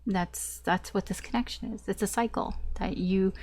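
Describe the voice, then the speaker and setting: A woman's voice: mid-range voice, fairly even intonation, normal speed, darkish tone. A woman giving a casual tarot reading straight to the listener, candid and blunt, swearing now and then. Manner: candid and blunt, swears, laughs between points. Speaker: tarot reader.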